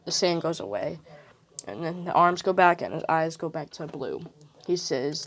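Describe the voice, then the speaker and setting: A woman's voice: low-pitched, lively intonation, normal speed. A woman casually retelling a fan what-if story, rambling with fillers and "like".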